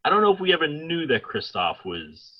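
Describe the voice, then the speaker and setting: A man's voice: on the high side, big pitch swings, fairly quick, highs cut off. A man co-hosting a casual film review podcast who talks animatedly and acts out scenes in quoted voices. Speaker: podcast co-host.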